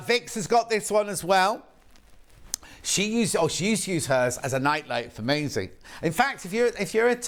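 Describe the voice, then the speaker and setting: A man presenting on a shopping channel, chatting in a rambling, excitable way while demonstrating a product live. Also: fairly high pitch. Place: TV studio.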